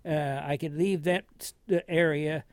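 An older man recounts his wartime recovery in a meandering, folksy way, often breaking into soft chuckles. His voice sits somewhat high for a man. The sound is close and dry, with no room around it. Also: fairly even intonation, measured pace, no echo. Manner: rambling, chuckling, folksy storyteller. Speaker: war veteran recounting his service. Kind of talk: oral history storytelling.

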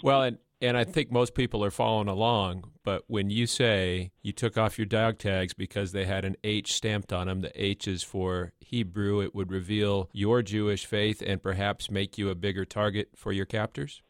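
A man's voice: lowish voice, steady tone, normal speed, few pauses, no echo, clean studio sound. A male interviewer who asks careful questions and clarifies the answers for listeners. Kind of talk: oral history interview.

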